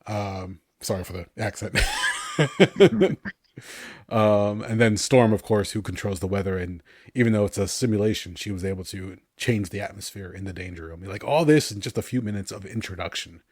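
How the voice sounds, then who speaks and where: A man in his thirties chatting on a podcast, telling animated stories about cartoons he loved and laughing often. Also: lowish voice, a little fast, hardly any pauses, no room sound, clean studio sound. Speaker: podcast co-host. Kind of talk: casual podcast chat.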